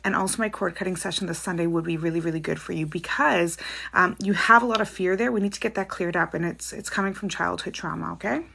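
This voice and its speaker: A woman's voice: lowish voice, fast, creaky, sharp tone, slightly rough. A woman hosting a live stream, reading out viewers' names and questions and answering them in a chatty, reassuring way. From Canada. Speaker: psychic livestream host.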